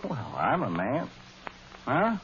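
A drawling folksy cowboy star. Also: male voice, mid-range voice, wildly swooping pitch, slow, a bit bright, a little hiss or hum, heavily acted. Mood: pleading. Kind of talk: 1940s radio acting. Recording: lo-fi old radio broadcast.

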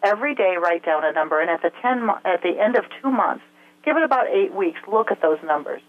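A woman with an expressive, mid-range voice and a fairly quick pace speaks as a health expert interview guest over a tinny telephone line. She explains step by step, punctuated by frequent filler sounds.

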